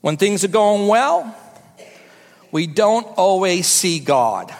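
A woman pastor delivering a sermon to her church, with slow, emphatic preaching and repetition for effect. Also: mid-range voice, expressive, creaky, a little mellow, big-room sound.

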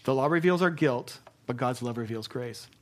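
A male pastor delivering a sermon in a middle-pitched voice. He preaches earnestly and with emphasis, then dropping soft and low for tender points. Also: moderate pace.

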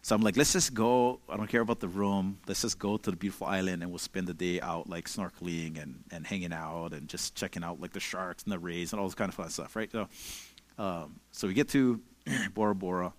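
Laid-back young pastor, low voice, dry sound. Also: male voice, brisk, no room sound. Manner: relaxed storytelling with many fillers. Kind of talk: casual conversational sermon.

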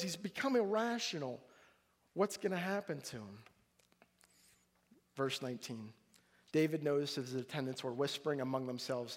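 A middle-aged male pastor with a high-pitched voice preaches a sermon, animated and acting out the voices of people in his story. The recording carries a long hall reverb.

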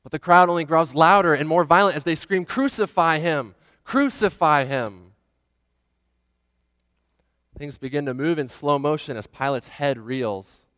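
A man retells a scripture story as a dramatic sermon. He drops to a hush, then swells to loud, urgent passages. His voice sits slightly high, with a long reverb tail behind it. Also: brisk, hardly any pauses. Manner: expressive, swings from hushed to loud.

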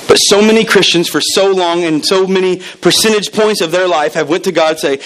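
A man's voice: high-pitched, a little fast, a bit bright, a little hiss or hum, low-quality recording. A man preaching a sermon as pastor, emphatic and repeating key words, acting out the voices he quotes.

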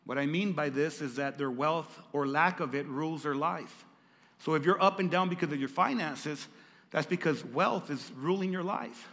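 High, bright-voiced preaching man. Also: moderate pace, big-room sound. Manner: dramatic, repeats lines for emphasis, calls out to congregation. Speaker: pastor. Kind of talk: sermon. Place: church.

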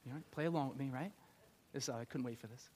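A male pastor giving a conversational, animated sermon, acting out little scenes. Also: mid-range voice, fast.

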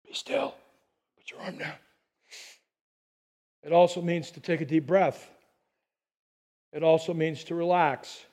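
A middle-aged man preaching a conversational sermon with chatty asides, dropping to a hushed voice on calm phrases. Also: a little high. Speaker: pastor.

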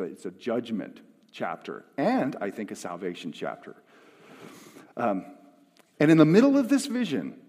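A male pastor preaching a sermon, moving from hushed, quiet passages to loud, emphatic ones. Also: mid-range voice, slightly rough. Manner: dynamic, swings from hushed to emphatic. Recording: long hall reverb.

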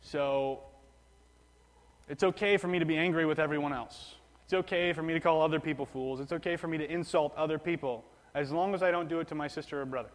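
A male pastor preaches in a plain, conversational way at a fast pace, often going back over his words and restarting phrases. His voice is a little high for a man, and a long hall reverb trails each phrase.

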